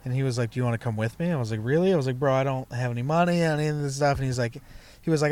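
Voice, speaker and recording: A man's voice: mid-range voice, racing, darkish tone, clear, resonant tone, no echo. A young man, a stand-up comedian, telling a loose, profane story from his past in a casual chat, full of fillers like "you know" and "like". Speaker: comedian guest.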